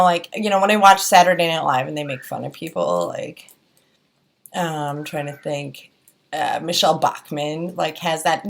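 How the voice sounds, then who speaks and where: A young woman with a Wisconsin accent, chatting casually through a beauty product review, rambling with lots of fillers and restarts. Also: medium pitch. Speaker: beauty vlogger.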